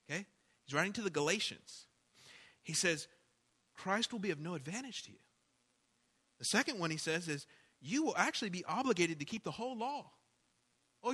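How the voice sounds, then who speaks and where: A man preaching a sermon with emphatic delivery, asking rhetorical questions and swinging between loud and quiet. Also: a little high. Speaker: pastor.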